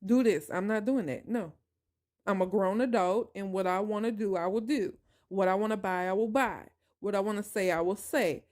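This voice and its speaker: A woman's voice: medium pitch, normal speed. Emphatic woman telling a personal story. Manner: emphatic, animated, addresses listeners directly. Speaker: podcast host.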